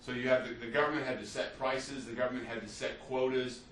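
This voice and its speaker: A man's voice: medium pitch, steady tone, fast, a bit bright, a little hiss or hum. Man lecturing in an echoey classroom. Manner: conversational, acts out quotes, frequent "you see" and "right?". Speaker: history teacher. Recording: roomy, distant, faint ambience.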